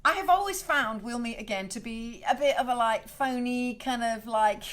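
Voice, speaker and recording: A woman's voice: on the high side, normal speed, a bit bright. A middle-aged woman from South Wales, hosting a casual livestream rant, emotional and swearing freely as she rambles. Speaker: host.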